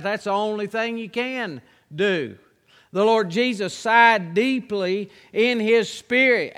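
A man preaching as pastor, reading scripture and then teaching in an earnest, drawn-out way. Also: sits high, pushed and bright, clean tone, in a large hall.

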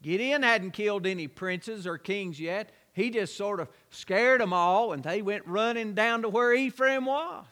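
A man's voice: high voice, measured pace, few pauses, bright, forceful tone, big-room sound. A man preaching a sermon, building his points through repetition and rhetorical questions.

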